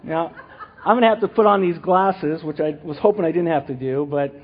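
A middle-aged man giving a rambling, animated church teaching, full of restarts and asides. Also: a little high, a little fast, dull audio. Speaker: lay teacher.

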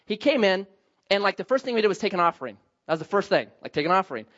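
Male pastor, animated sermon, bright tenor that leaps up and down. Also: sits high, rapid-fire, dull audio. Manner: animated storytelling with self-mocking jokes. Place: church sanctuary.

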